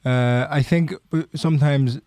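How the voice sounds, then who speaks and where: A man's voice: medium pitch, steady tone, a little slow, a little mellow, smooth, no echo. A man with an Irish accent, a comedian chatting casually in a dry, thoughtful way. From Ireland. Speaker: podcast co-host and stand-up comedian. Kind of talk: casual chat.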